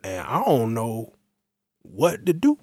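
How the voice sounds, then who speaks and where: A man telling a long story in casual chat, acting out the quotes with sudden loud, high outbursts. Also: slow pace, no room sound, clean studio sound. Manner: lively, acts out quotes with big jumps in pitch and volume.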